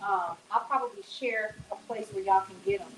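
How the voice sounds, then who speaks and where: Filmed in her home kitchen, a woman hosts a casual cooking demo, chatting with viewers in a folksy way and calling them y'all and honey. Her voice sits at medium pitch and moves a little fast, with slight background noise and poor audio quality.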